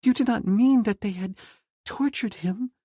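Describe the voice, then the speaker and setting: A man voicing a proud young woman who is hurt and turns icy, speaking in a high, strained voice. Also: measured pace, mellow, no echo, clean studio sound. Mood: anxious.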